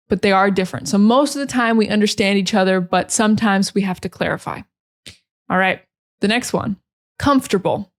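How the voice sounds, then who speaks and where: A woman from Maine with an American accent, teaching English pronunciation and repeating words slowly and carefully, syllable by syllable. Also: mid-range voice. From Maine, USA. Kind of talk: pronunciation lesson.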